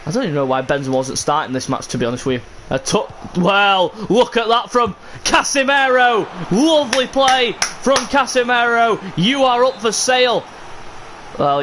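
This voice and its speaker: Frustrated streamer, man, calls his own game with sudden shouts; light background hiss. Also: a little high. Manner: frustrated, exasperated, bursts into shouts. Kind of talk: live game commentary.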